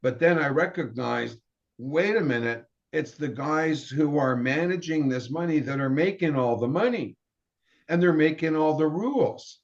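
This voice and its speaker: A man's voice: on the high side, expressive, moderate pace. A middle-aged man telling his career story in a casual way, with restarts and acted-out quotes. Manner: rambling, with restarts and quoted dialogue. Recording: dull lo-fi sound.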